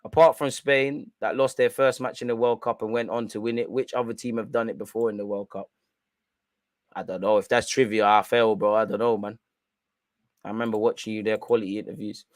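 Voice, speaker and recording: A man's voice: fairly low pitch, fairly even intonation, a little fast, no echo. A young man hosting a live football watch-along, chatting in slang straight to his viewers. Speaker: live stream host.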